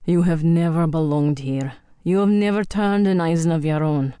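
A woman's voice: low-pitched, steady tone, normal speed, warm tone, clear, resonant tone, no room sound, clean studio sound, natural voice. Woman playing a hostile thousand-year-old Viking. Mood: accusing.

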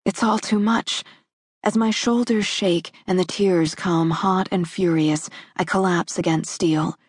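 A woman narrating a first-person romance audiobook in a measured, intimate reading. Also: lowish voice, steady tone, slightly rough, dry recording. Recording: dry close studio recording.

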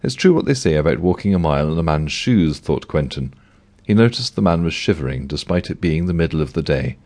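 Deep-voiced man narrating a comic audiobook. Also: lively intonation, a little fast, darkish tone.

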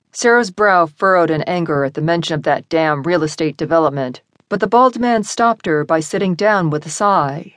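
A woman narrating an audiobook in measured, expressive storytelling. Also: lowish voice, dry recording, clean studio sound. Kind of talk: scripted narration.

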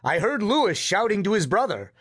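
A man voicing a calm, firm older grandfather who runs an inn. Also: sits high, a little fast, slightly rough, dry recording, studio quality, pitched above the performer's own voice, heavily acted. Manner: firm, commanding.

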